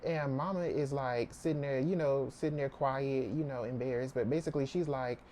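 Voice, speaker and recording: A man casually recapping a novel's plot in a chatty, animated way. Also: mid-range voice, moderate pace, a little hiss or hum. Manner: chatty, animated retelling with quoted voices. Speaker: book reviewer. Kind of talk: casual book summary.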